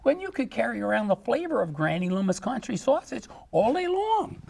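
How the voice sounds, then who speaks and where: A man voicing a furious old granny woman in a high, screeching, outraged voice, acting out a radio jingle drama. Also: very animated, fairly quick, gravelly, full character voice. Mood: scolding.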